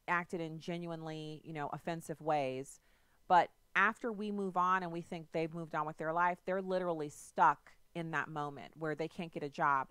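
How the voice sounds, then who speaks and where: Low, smooth-voiced talk radio hostess. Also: female voice, fairly bright tone, no room sound. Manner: conversational, retells stories with asides. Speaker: radio talk show host. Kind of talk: political talk radio commentary.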